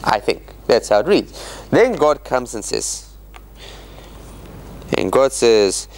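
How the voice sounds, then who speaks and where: A man's voice: mid-range voice, sing-song, takes it slowly, slight background noise. A man teaching as a rabbi in an interactive class, questioning his listeners and acting out the quotes he reads.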